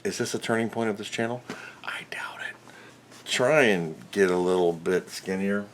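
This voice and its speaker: A man's voice: lowish voice, brisk, slight background noise. A man hosting his own electronics repair videos, talking casually and self-mockingly as he works at a repair bench. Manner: rambling, self-mocking, mutters while working. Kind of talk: casual workbench narration.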